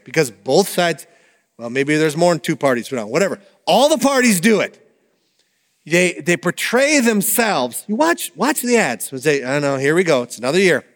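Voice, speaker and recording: Guy preaching a sermon, high lively voice, big hall echo. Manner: animated, conversational preaching with asides. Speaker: pastor.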